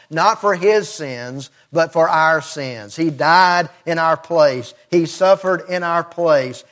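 A man preaching a sermon in an earnest, deliberate way, stressing key words as he explains a scripture passage. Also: fairly high pitch, a bit bright. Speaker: pastor.

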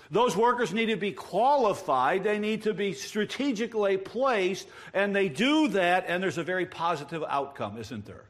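Man, pastor, sermon, fairly high voice, earnest, explanatory, wordplay. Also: a bit bright. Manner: earnest, explanatory preaching with emphatic rises; self-described wordsmith, plays with words.

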